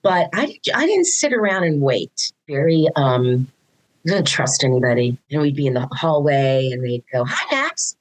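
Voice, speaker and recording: A woman guest speaks in a notably low voice, in an easy, conversational way. She tells her stories animatedly, slipping into the voices of the people she quotes and often restarting mid-sentence. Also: normal speed, poor audio. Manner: animated storytelling, acts out quoted dialogue, frequent restarts. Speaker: guest, mother of a neurodivergent son. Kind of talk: casual conversational interview.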